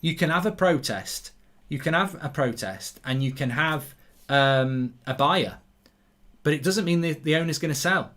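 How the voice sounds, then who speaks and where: A man's voice: a little high, moderate pace, a bit bright. A man hosting a live football watchalong, rambling casually as he reads viewer comments aloud. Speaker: host. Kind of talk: live match watchalong chat.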